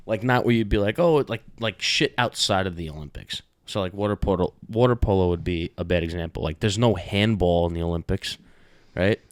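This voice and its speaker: A man's voice: low voice, moderate pace, no room sound, studio quality. A young man co-hosting a podcast, chatting casually, rambling with lots of filler words and swearing. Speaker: podcast co-host. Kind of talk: casual chat.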